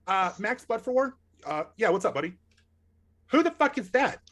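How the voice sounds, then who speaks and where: A young man narrates a live tabletop game as its game master. His voice is a touch high and husky, and he rambles and stumbles through his fillers. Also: very animated, moderate pace, fairly bright tone.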